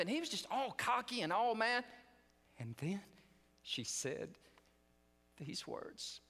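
Animated preacher in a chapel. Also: male voice, very high-pitched, moderate pace, long pauses. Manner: animated storytelling, acts out scenes. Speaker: guest preacher. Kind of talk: sermon. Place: seminary chapel. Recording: long reverb of a chapel.

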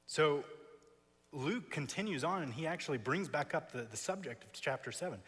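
Male preacher, husky mid-range voice, emphatic expository sermon, long chapel reverb. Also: a little high, animated, fairly quick, fairly bright tone. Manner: emphatic, builds with repeated phrases. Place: seminary chapel.

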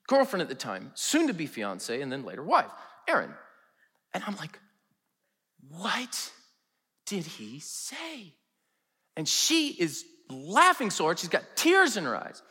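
Animated pastor telling stories in a hall. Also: male voice, high-pitched, slightly rough. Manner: animated, humorous storytelling. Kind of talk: sermon with storytelling. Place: large chapel.

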